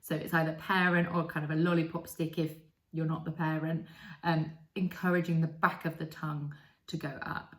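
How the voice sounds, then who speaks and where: A woman's voice: low voice, little pitch movement, a bit bright. Woman explaining speech sounds, echoey room. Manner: demonstrates speech sounds slowly and clearly. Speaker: speech and language therapist. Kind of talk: instructional explainer.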